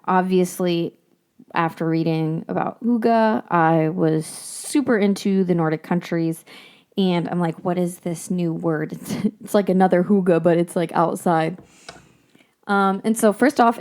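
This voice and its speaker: Chatty young woman podcaster, low voice. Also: creaky, dark tone. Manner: chatty, rambling, swears casually, laughs often. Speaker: podcast host. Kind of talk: casual solo podcast chat. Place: home.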